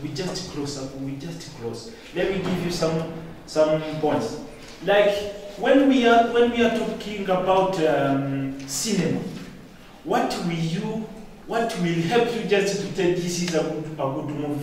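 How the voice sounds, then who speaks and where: A young man speaking as a student debater in a classroom debate, arguing in a halting way. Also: a little high, lively intonation, a little mellow, slight background noise. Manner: argumentative, halting. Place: university classroom. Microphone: distant room mic. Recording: echoey room, from far off.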